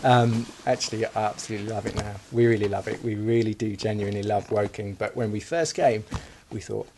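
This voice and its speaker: A man's voice: fairly low pitch, steady tone, a little fast, darkish tone, a little hiss or hum. A man answering interview questions in a casual, candid way, playing along with a comedy sketch. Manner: casual, candid, laughing easily.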